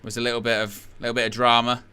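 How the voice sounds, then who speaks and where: Guy doing a footy watch-along, sarcastic and fed up, really bright clean voice. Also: medium pitch, monotone, fast talker, smooth. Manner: sarcastic, exasperated. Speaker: host. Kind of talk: live football watch-along commentary.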